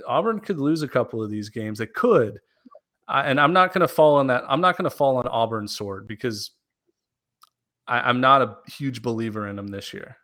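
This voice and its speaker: A man co-hosting a sports podcast, easygoing and chatty as he weighs his picks. He talks things through out loud with filler words and restarts. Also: mid-range voice, moderate pace. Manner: relaxed, thinks aloud with fillers. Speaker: podcast co-host. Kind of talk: casual sports chat.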